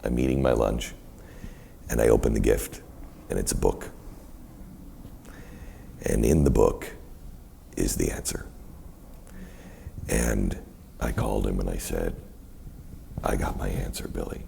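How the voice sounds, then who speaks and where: Very deep gravelly man telling stories. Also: a little slow, long pauses, slight background noise. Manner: animated, rambling storyteller who quotes others in many voices. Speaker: guest. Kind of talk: storytelling in a live onstage conversation. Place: university event hall with a live audience.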